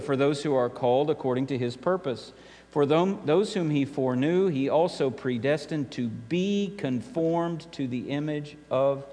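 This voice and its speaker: Emphatic male preacher in a reverberant hall. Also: high voice. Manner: emphatic preaching, repeats key phrases, rises and drops sharply. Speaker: pastor. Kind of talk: sermon.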